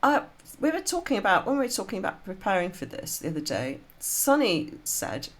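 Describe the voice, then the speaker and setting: A woman's voice: mid-range voice, sing-song, brisk. A woman co-hosting a podcast, asking playful, teasing questions. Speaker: podcast co-host. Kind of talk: casual interview chat.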